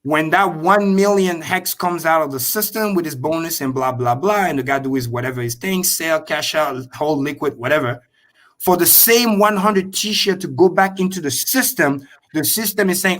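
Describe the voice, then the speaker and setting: Excitable, profane man on a crypto stream. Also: fairly high pitch. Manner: excitable, profane, repeats points slowly for emphasis. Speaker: crypto show guest. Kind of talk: animated livestream explanation.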